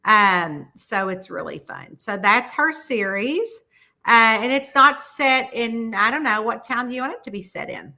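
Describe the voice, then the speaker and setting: A middle-aged woman chatting casually with viewers on a livestream. Her voice is bright and sits a little high. She talks in a lively, animated way, jumping up into high voices when she quotes people. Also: measured pace. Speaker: mystery author hosting a livestream.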